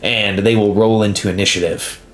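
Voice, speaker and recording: A man narrating as game master of a tabletop game, relaxed and dotted with "uh" pauses. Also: lowish voice.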